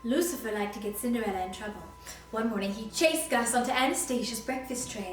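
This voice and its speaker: A woman reads a picture book aloud to small children in a sing-song storytelling voice, stopping to ask them questions. Her voice is fairly high and sounds distant, bouncing around an echoey room. Soft music plays faintly behind her. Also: fairly quick. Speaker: costumed children's storytime reader. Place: library program room.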